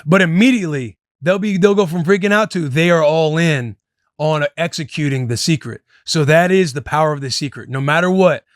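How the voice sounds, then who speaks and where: Calling himself "your boy" and his listeners "boys," a podcast host in his thirties chats loosely while giving advice. His fairly high voice runs a little fast, captured in studio quality with no echo.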